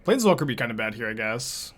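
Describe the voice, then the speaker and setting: A man's voice: mid-range voice, big pitch swings, rapid-fire, fairly bright tone. A young man casually commenting on a card game as he plays, thinking aloud and laughing often.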